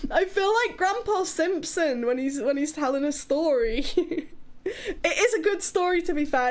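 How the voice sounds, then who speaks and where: A woman from Wales with a British accent, streaming live in casual, chaotic chat, swearing and laughing often as she reads. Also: high voice.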